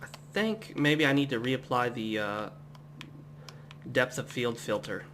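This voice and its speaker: Man, casual gameplay commentary, rambling asides, middle pitch, faint background hum. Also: measured pace. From United States. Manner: relaxed, rambling, chatty asides. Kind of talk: casual let's-play commentary.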